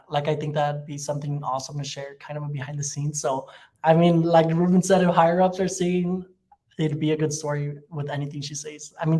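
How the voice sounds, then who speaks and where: A man's voice: fairly high pitch, darkish tone. Young man rambling in casual chat. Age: young adult. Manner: thoughtful, rambling, searching for words. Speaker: student podcast co-host.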